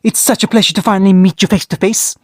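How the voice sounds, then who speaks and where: A man's voice: high-pitched, fairly even intonation, fast, dry recording, clean studio sound. A man voicing a zealous, over-polite male cult devotee who worships the hero, in a fan fiction story read aloud. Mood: fawning.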